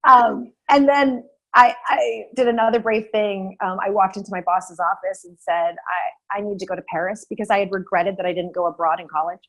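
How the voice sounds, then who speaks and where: A woman talking as a guest in an interview, telling a personal story in a lively way with many fillers and restarts. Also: medium pitch, brisk, hardly any pauses, poor audio.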